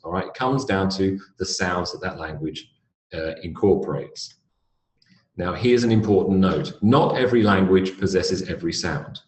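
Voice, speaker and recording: Deep-voiced British man teaching pronunciation. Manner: clear, deliberate teaching, spelling words out letter by letter. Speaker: English teacher. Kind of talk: recorded lecture. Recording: roomy echo.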